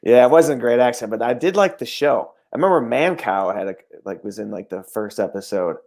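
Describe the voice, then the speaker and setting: Gravelly-voiced male comedian guest. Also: medium pitch. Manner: relaxed, halting with fillers. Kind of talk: casual chat.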